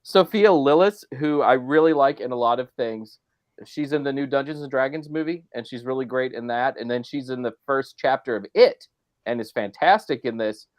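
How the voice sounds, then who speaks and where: Male co-host, conversational and dry, mid-pitched voice, critiquing a film. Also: normal speed. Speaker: podcast co-host. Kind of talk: casual film discussion.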